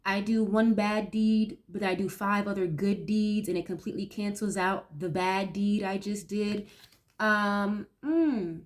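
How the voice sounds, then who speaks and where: A woman's voice: medium pitch, measured pace. A young woman doing a casual tarot reading, reacting aloud to each card with blunt, profane commentary. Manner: blunt, swears freely, reacts aloud to the cards. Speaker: tarot reader.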